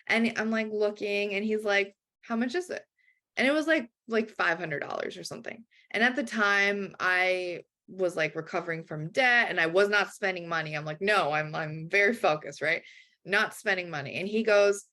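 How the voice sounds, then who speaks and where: A woman talking in an easy, conversational way as an interview guest. She tells her story with lively swings in her voice and briefly takes on other people's voices when she quotes them. Her pitch sits in a middle range. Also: normal speed. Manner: animated, acts out quoted dialogue.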